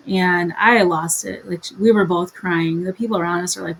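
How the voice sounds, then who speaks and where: A woman's voice: fairly low pitch, fairly even intonation, normal speed, gravelly, hardly any pauses, fairly bright tone, slight background noise, poor audio. A middle-aged woman, a guest on an interview, telling a personal story with feeling and acting out the conversations she recounts. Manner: emotional, retells conversations in quoted dialogue. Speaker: guest, mother and advocate.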